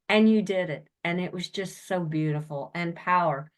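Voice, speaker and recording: A woman's voice: lowish voice, measured pace. A woman podcast host who gushes praise at her guest. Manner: effusive, gushing praise. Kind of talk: interview talk.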